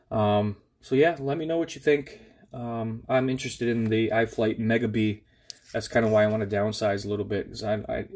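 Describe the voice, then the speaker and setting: A man with a somewhat low voice and a stuffy nose talks through a casual hobby update. He rambles, fills pauses with fillers and often restarts his sentences. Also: darkish tone. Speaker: FPV drone hobbyist vlogger.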